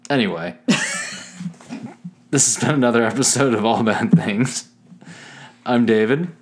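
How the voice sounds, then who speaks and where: A man's voice: mid-range voice, unhurried, slight background noise. A man co-hosting a podcast in casual chat, matter-of-fact and self-assured. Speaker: podcast co-host.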